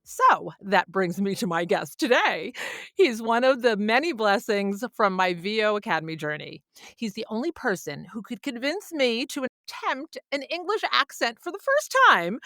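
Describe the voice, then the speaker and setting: A woman's voice: mid-range voice, fairly bright tone, no echo, studio quality. A woman hosting a podcast interview, bubbly and laughing often. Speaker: podcast host.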